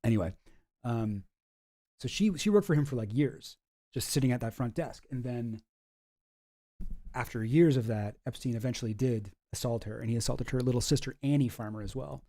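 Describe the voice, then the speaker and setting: A man's voice: mid-range voice, moderate pace, mellow. A man giving casual, rambling commentary with lots of fillers, reading documents aloud as he goes.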